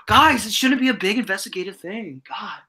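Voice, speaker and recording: A woman's voice: mid-range voice, sharp tone, husky. A woman co-hosting a casual live stream, rambling with many restarts. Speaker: guest co-host.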